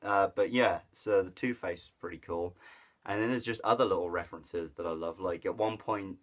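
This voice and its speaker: A man with a notably deep, low voice talks through a film review in a loose, offhand way. He stumbles over his words, circles back with fillers, and gets excited about the bits he liked. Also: moderate pace. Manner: rambling, with many fillers and restarts; enthusiastic, laughs at the jokes he retells. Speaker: movie reviewer. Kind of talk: casual rambling film review.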